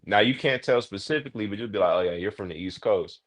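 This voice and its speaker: A man's voice: lowish voice, quick pace. A man with a Bay Area California accent, talking in an emphatic, slang-heavy casual chat as a panelist.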